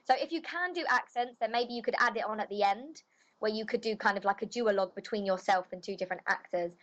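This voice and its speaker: A woman's voice: mid-range voice, quick pace, fairly bright tone, rough recording. A woman voice actress chatting casually in an interview, loose and full of filler phrases. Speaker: voice actress guest.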